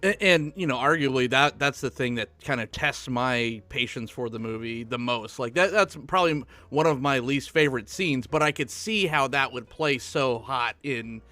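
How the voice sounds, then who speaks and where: A man's voice: medium pitch, normal speed, few pauses, sharp tone. A man chatting casually about a film on a podcast, laughing easily. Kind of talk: casual chat.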